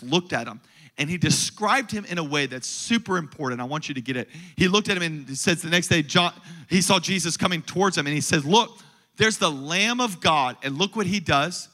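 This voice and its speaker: Pastor, male, high bright voice, animated sermon delivery that rises to loud declarations and drops to low asides.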